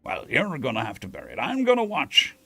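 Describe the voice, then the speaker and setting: A man's voice: fairly high pitch, huge pitch swings, a little fast, creaky, pushed and bright, breathy edge, faint music behind, full character voice. A man voicing a boastful, lazy male pirate captain during a live-streamed story reading. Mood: bossy.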